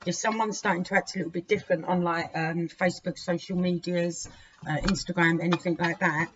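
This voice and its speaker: A woman giving a weekly tarot reading, frank and indignant, swearing freely and breaking into sudden loud outbursts. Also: on the low side, fairly even intonation, fairly quick. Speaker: tarot reader. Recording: dull lo-fi recording with faint hiss.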